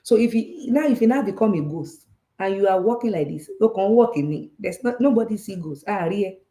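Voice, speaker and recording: Warm-voiced Nigerian woman, animated host. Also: medium pitch, brisk. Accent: Nigerian Yoruba. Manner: animated and repetitive, with frequent rhetorical checks. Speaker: talk show host on personal finance. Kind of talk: casual teaching talk, switching between English and Yoruba. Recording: roomy echo.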